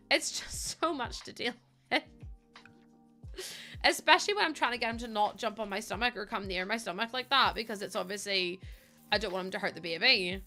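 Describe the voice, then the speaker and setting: A woman's voice: on the high side, pushed and bright. A young woman streaming while she plays a building game, rambling in casual chat with lots of fillers and the odd swear word. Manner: rambling and chatty, with many fillers, swearing freely.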